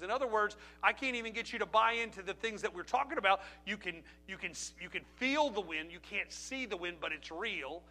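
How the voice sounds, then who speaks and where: Male pastor, middle-aged, sermon, high voice, very bright and sharp, emphatic preaching, rhetorical questions. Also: fairly quick, few pauses. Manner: emphatic preaching, rhetorical questions, voice drops low and quiet at personal moments.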